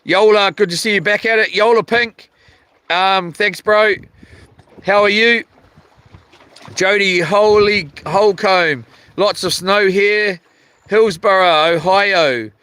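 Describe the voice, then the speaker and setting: A New Zealand man hosting a live stream from the seaside, reading out viewer comments and rambling between them. His voice sits high and comes through crisp and clear. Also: takes it slowly, pauses often, sharp tone, no echo. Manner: rambling, reads chat aloud with many fillers and restarts. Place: outdoors by the sea while fishing.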